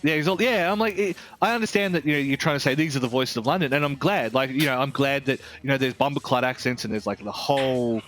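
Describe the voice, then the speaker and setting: A man's voice: medium pitch, fast talker, hardly any pauses, a bit bright. A man with an Australian accent reviewing a video game in casual chat, rambling and candid, swearing freely.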